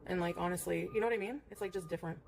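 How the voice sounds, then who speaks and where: A woman's voice: lowish voice, rapid-fire, gravelly, a little hiss or hum. A woman streamer chatting casually in a rambling way, full of fillers, and cooing at her cat between remarks. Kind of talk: casual livestream chat.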